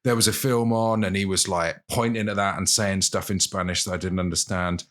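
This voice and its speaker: A man's voice: deep voice, steady tone, brisk, fairly bright tone. A man co-hosting a podcast, chatting casually with dry, teasing remarks. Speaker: podcast co-host. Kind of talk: casual chat.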